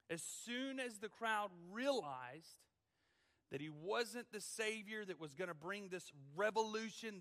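A man's voice: high voice, pushed and bright, big-room sound. A man, a student pastor, preaching a dramatic, emphatic sermon in a church. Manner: dramatic, emphatic, drawn-out phrasing.

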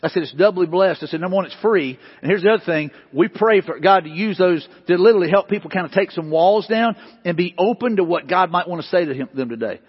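A middle-aged man delivers an animated, conversational sermon. His voice sits high and sounds a little husky. The recording carries a long echo from the church hall and a somewhat dull, muffled quality. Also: quick pace, hardly any pauses. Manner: animated, conversational preaching with repeated catchphrases. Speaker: pastor. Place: church sanctuary.

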